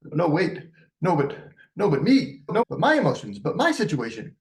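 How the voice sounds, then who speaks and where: A man voicing a self-absorbed, overwrought parent in a high, fluttering voice. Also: wildly swooping pitch, normal speed, creaky, recorded from a distance, exaggerated voice. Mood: whiny. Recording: echoey room.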